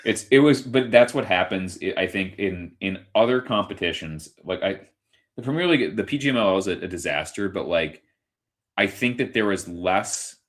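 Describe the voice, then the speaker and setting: A man's voice: low voice, fairly bright tone. A man co-hosting a sports podcast, talking in a heated, profane rant and acting out quoted voices. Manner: heated ranting, swears freely, acts out others in quoted bits. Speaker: podcast co-host. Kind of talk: casual sports chat.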